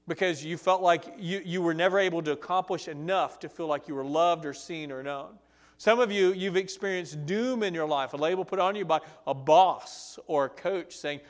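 A man preaching a sermon, telling a Bible story in an animated, conversational way. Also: fairly high pitch. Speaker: pastor.

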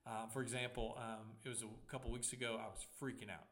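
A man's voice: mid-range voice, little pitch movement, brisk, a bit bright. A young adult man, a pastor, preaching a sermon in a conversational way, with humor and personal stories.

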